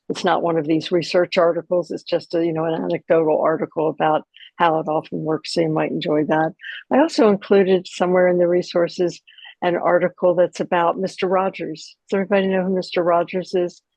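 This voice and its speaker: Gravelly older woman teaching gently. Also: on the low side, little pitch movement, a little fast, no echo, rough recording. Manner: gentle, chatty, with frequent asides. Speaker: course instructor. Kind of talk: relaxed spoken teaching.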